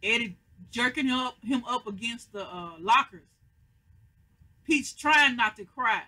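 An American recap host talks through a TV episode at home on a webcam mic. The voice is bright and a little husky. Quoted lines get played out with growing emphasis. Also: medium pitch, lively intonation, unhurried, rough recording. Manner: retells scenes, acting out quoted lines with rising emphasis. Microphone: computer webcam mic.

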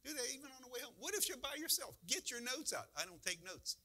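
A man's voice: extremely high pitch, animated, fast, sharp tone. A man preaching a conversational sermon as a church pastor, full of rhetorical questions.

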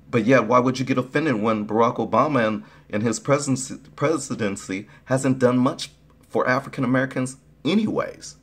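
Deep-voiced male vlogger, blunt and profane, sarcastic, talking to camera. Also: husky. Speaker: YouTube vlogger. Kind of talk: casual opinion vlog.

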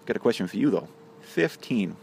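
A man's voice: lowish voice, very animated, fairly quick, vocal fry, darkish tone, a little hiss or hum. A man voicing a cocky young farm lad who asks eager, rising questions.

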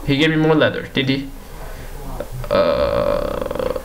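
A young man talks through a game in a casual, slightly high voice, pleading and grumbling at the characters on screen. He repeats himself as he gets exasperated. A faint hum sits under the recording. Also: very animated, slow, creaky, long pauses, a bit bright, poor audio. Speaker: gaming YouTuber. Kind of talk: casual gameplay commentary.

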